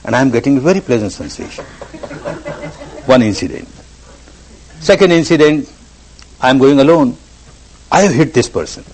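Animated male meditation teacher. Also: mid-range voice, moderate pace, pauses often, poor audio. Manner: repeats phrases for emphasis, animated storytelling. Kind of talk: spiritual discourse.

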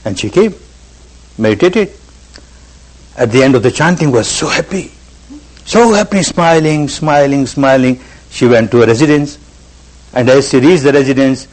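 A man's voice: mid-range voice, moderate pace, long pauses, rough recording. A man giving a spiritual discourse as a meditation teacher. He stresses his points by repeating words and phrases.

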